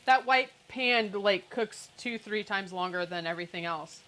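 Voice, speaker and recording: A woman's voice: medium pitch, normal speed, fairly bright tone, low-quality recording. A woman hosting a cooking livestream from her home kitchen, chatting casually and cracking sarcastic jokes. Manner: chatty, joking, sarcastic asides. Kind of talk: casual live cooking chat.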